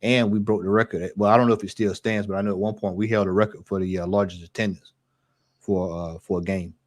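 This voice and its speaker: A man's voice: fairly low pitch, fast talker, no room sound. A man chatting casually about football, rambling and easygoing. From United States. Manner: relaxed, rambling, loose with words. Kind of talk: casual chat.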